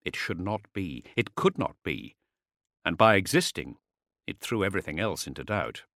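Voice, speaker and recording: A man's voice: normal speed, dry recording. A man reading a novel aloud as a dramatic audiobook narrator on a close studio mic. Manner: dramatic, with lively pitch swings.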